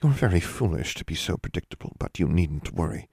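Icy, measured witch dean in a storybook, deep and dry, read by a man. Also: big pitch swings, gravelly, darkish tone, breathy edge, no room sound, full character voice. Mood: cool. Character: cool, steady older witch dean, female.

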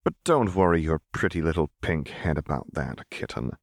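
A man's voice: extremely low pitch, expressive, moderate pace, creaky, no echo, clean studio sound, exaggerated voice. A man reading an audiobook, voicing a smug, powerful woman company director in a languid, teasing manner. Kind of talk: audiobook character voice.

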